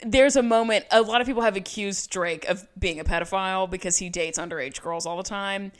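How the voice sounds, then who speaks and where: A young woman co-hosts a podcast in a loose, chatty way. She swears freely, and her voice jumps up whenever she mimics someone she is talking about. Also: fairly quick. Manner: animated, swears, mimics people with raised pitch. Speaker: podcast co-host. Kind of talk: casual recap chat.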